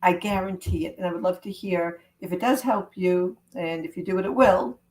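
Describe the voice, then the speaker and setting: A woman love coach giving an earnest, gentle self-help talk to camera, with spiritual wording. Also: lowish voice, moderate pace, poor audio.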